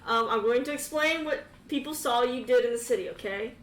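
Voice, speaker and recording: A woman's voice: a little high, brisk, a bit bright, far from the mic, natural voice. A woman doing an apologetic fae guard. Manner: apologetic, formal, keeps saying ma'am. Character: polite male fae guard. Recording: echoey room, off mic.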